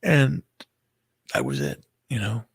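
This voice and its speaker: Husky gravelly man recounting a breakup. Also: fairly low pitch, big pitch swings, no room sound. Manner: halting and rambling, heavy filler words, bitter. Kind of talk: emotional personal storytelling.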